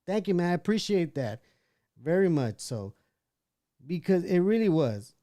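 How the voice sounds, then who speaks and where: A man's voice: sits high, sing-song, normal speed, dark tone, dry recording, clean studio sound. A man hosting a casual livestream, reading chat messages aloud and giving his opinions with frequent restarts. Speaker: livestream podcast host.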